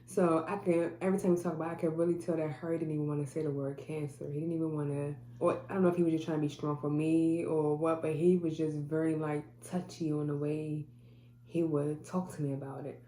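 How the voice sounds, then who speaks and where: A woman's voice: low-pitched, flat delivery, fast, mellow. A woman telling a personal story to camera in an earnest way, acting out what others said. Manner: earnest, quotes people in dialogue. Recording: echoey room with faint hum.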